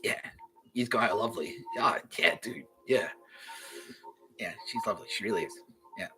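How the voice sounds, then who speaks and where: A man's voice: on the low side, normal speed, over music, rough recording. An Australian man hosting a podcast, rambling casually and swearing freely. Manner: swears freely, loose and laughing. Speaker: podcast host.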